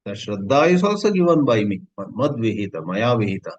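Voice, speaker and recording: A man giving a scripture lecture, telling stories in a lively, conversational way and using Sanskrit terms. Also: on the low side, normal speed, hardly any pauses. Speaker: spiritual teacher. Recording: slightly muffled lo-fi recording.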